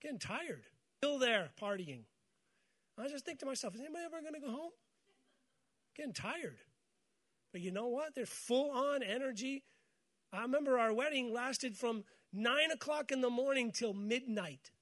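A man with a high, light voice preaches a morning sermon. He keeps calling on the congregation to repeat his words back to him, and he mixes scripture with joking stories. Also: lively intonation, moderate pace, fairly bright tone. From United States. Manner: call-and-response with congregation, storytelling with humor. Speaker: pastor.

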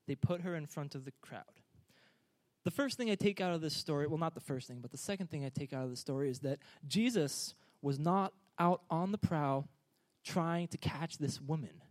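Preacher: a man with a high voice, lively and joking, pushing the room to respond. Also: moderate pace. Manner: energetic, joking, urging the congregation to respond. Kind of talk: sermon.

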